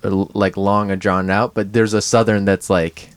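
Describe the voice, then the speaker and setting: A man co-hosting a podcast in casual comedic chat, halting and thinking aloud with many fillers. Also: on the low side, level tone, clear, resonant tone, no echo. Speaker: podcast co-host.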